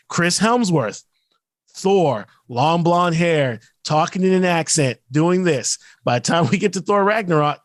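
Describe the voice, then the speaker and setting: A man's voice: fairly high pitch, dry recording. Ranting man on a podcast. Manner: ranting, animated, mocks actors in quick put-on quotes. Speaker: podcast co-host. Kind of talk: casual chat.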